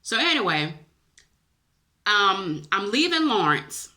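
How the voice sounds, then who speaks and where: A woman's voice: medium pitch, very animated, slow, bright, forceful tone. A woman vlogger, emotional and chatty, tells viewers a personal dream story, teary-eyed and calling them y'all.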